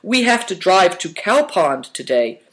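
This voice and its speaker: Guy voicing a serious quiet kid, soft and formal, bit high. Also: sing-song, a little slow, full character voice, poor audio. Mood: earnest. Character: earnest, quiet, sensible young boy.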